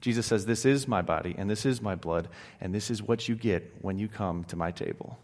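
A male pastor giving a sermon, moving between hushed, solemn passages and emphatic raised exclamations, with casual asides and restarts. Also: on the low side, brisk, hardly any pauses. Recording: long hall reverb.

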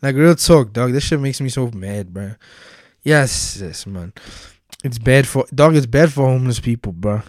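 A man's voice: medium pitch, lively intonation, moderate pace, a little mellow, no echo, studio quality. A young South African man giving casual solo commentary, profane and heated, heavy with slang.

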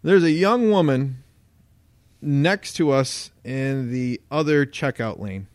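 Male podcast co-host, mid-pitched, animated storyteller, dry close-mic sound. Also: slow pace, no echo. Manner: animated storyteller acting out quoted voices. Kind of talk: casual storytelling chat.

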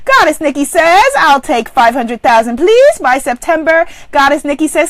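This woman speaks high and sing-song at a normal speed, pausing little, her tone a bit bright and free of room sound. She is hosting live online abundance coaching, reading out viewer comments and affirming them with great enthusiasm.

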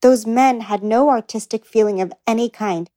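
Woman narrating a memoir, measured and earnest. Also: a little high, dark tone. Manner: measured, earnest first-person reading. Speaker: audiobook narrator.

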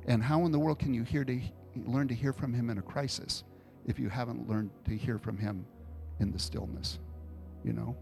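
A man's voice: mid-range voice, moderate pace, vocal fry, music in the background. A man preaching an informal sermon to a congregation, telling personal stories in a conversational way and taking questions. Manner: conversational storytelling, animated retellings. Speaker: pastor.

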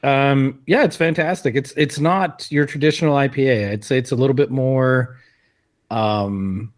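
A man's voice: mid-range voice, steady tone, normal speed. A man from Texas co-hosting a casual podcast, rambling through stories and laughing often. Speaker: podcast co-host. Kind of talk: casual chat.

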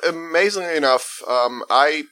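This man's voice is a little high and sharp, moving at normal speed as he tells his faith testimony as an interview guest. He's earnest and emphatic, frequently starting his phrases over.

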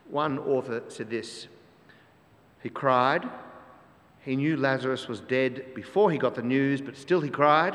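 A man's voice: medium pitch, a bit bright. Emphatic preaching man, reverberant church. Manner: emphatic, repeats key phrases, asks the congregation rhetorical questions. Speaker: pastor. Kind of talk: sermon. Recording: long church hall reverb.

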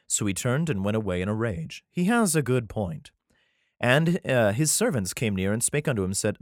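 A man with a low voice reads an old Bible passage aloud, then keeps cutting in with crude, sarcastic jokes. His pitch jumps all over the place as he mocks the story. The sound is close and dry, with no room at all. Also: big pitch swings, moderate pace, no room sound. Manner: profane, sarcastic asides between read passages; reads archaic scripture aloud, stumbling and rereading. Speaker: podcaster reading and commenting on the Bible. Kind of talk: casual irreverent Bible reading with commentary.

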